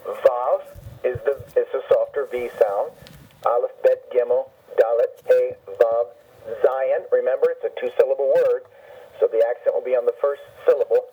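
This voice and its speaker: Husky man teaching letters over a dull phone line. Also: medium pitch, fairly even intonation. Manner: deliberate, repeats and spells out each letter. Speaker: phone-in guest teaching the Hebrew alphabet. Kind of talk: patient spoken lesson on a radio call. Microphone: telephone.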